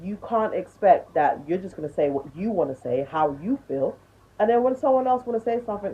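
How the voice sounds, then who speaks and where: A woman's voice: medium pitch, lively intonation, a little fast, slightly rough. A woman in her twenties ranting bluntly to camera, swearing and lecturing, on tinny phone-like audio. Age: 20s. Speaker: vlogger.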